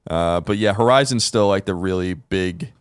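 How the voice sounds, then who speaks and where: A man co-hosting a gaming podcast talks in a casual, rambling way, often restarting his sentences. His voice is low and smooth, and the studio mic sounds close and dry. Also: normal speed, dry recording. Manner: rambling, hesitant, many restarts and fillers. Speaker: podcast co-host. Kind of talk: casual chat.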